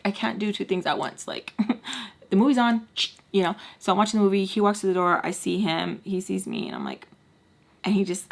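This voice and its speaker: A woman's voice: fairly low pitch, vocal fry. A woman vlogger telling a personal story to camera in a casual, chatty way, full of "like" and "you know" and blunt swearing.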